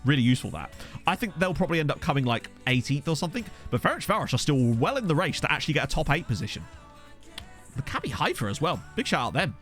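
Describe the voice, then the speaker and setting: A man live-streaming a management game, chatting casually and getting excitable, swearing when something surprises him, into a desk microphone. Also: fairly high pitch, quick pace, soft background music. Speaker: gaming streamer. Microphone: desktop USB microphone.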